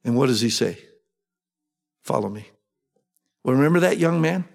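A male pastor preaching a sermon, animated, often acting out eager voices with sudden jumps in pitch. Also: rapid-fire, creaky.

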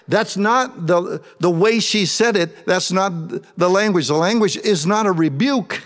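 A man's voice: high voice, a little slow, few pauses, long reverb tail. A man preaching a conversational sermon, asking his congregation rhetorical questions with a wry sense of humor. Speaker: pastor.

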